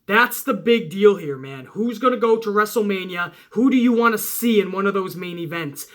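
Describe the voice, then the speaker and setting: A man who talks loud, close to yelling, in a bright, forceful voice. His pitch swings up and down as he rants, and he swears often. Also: expressive, moderate pace. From Italian-American household. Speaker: wrestling channel host. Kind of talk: casual rant to viewers.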